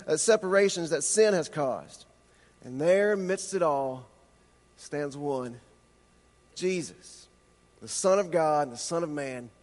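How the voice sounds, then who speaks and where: A man preaching a sermon with impassioned rhetorical questions, slowing down for emphasis. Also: high voice, in a large hall. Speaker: pastor.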